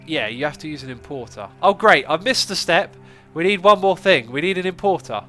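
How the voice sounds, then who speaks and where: A man's voice: on the high side, animated, a little fast, pushed and bright, faint music behind. A man with a stuffy, congested nose hosting a casual gaming livestream, chatting and thinking aloud as he plays. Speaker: livestream host.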